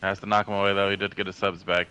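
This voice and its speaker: A man co-commentating a fighting game tournament with relaxed, joking play-by-play. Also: low-pitched, rapid-fire, clean tone, rough recording. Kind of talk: casual gaming commentary.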